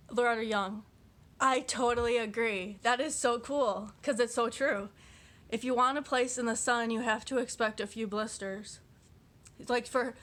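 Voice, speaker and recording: With a fairly high, slightly bright voice, a woman reads quotes on her casual vlog and chats about them in a rambling way. She uses lots of fillers and restarts and often giggles at herself, coming across as self-deprecating.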